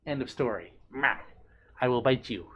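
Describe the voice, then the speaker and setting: A playful man talks casually on a live stream and reads chat messages aloud. His voice is doting and bubbly, with sudden high swoops on greetings and names. It is relaxed, easygoing streamer chatter, close to a desk microphone. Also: moderate pace, dull audio, slight background noise. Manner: playful, doting, bubbly, with big pitch swings. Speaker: livestreamer reading chat.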